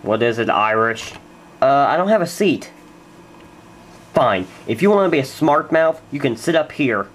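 A woman's voice: rumbling low, expressive, moderate pace. A woman voicing a short-tempered male duck teacher, scolding his class in curt, bossy lines. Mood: stern.

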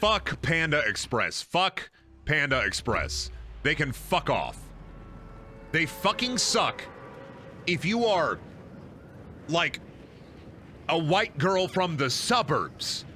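A man's voice: a little high, takes it slowly, long pauses, soft background music. A man chatting and ranting with lots of swearing while streaming a game. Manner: animated, ranting, swears a lot. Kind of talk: casual gaming stream chat.

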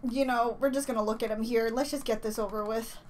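A woman hosting a fan reaction video, gasping, squealing and repeating words in excited disbelief. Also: on the high side, quick pace.

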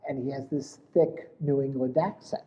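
A man is a guest in a relaxed interview. He wanders through his points, restarting his sentences and filling the gaps with "you know". The sound is muffled and dull, with a long echo trailing off the room. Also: medium pitch, normal speed, a little hiss or hum. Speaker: guest, essay author and podcaster. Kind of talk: casual interview chat.

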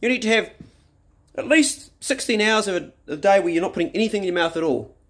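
A blunt, emphatic man talks straight to camera in a casual vlog. His voice sits a little higher than most men's, and he punches his points with the odd swear word. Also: lively intonation, fast. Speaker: vlogger. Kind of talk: casual opinionated talk to camera. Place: outdoors in a garden, then indoors.

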